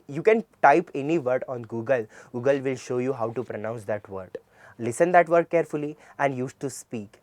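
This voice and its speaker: A man's voice: on the high side, a little mellow, dry recording. A man with an Indian English accent teaching English pronunciation. He spells words out letter by letter and repeats them with emphasis. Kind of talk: classroom lecture.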